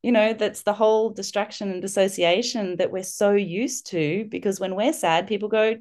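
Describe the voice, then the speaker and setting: A middle-aged woman, a guest on a parenting podcast, telling a personal story with lively, animated delivery. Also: mid-range voice, normal speed. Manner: warm, animated storytelling, acting out children's voices.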